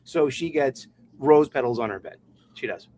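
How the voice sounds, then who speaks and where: A man's voice: medium pitch, moderate pace, dark tone, a little hiss or hum. Boastful laughing guy on a panel. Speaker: podcast panelist. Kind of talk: casual chat.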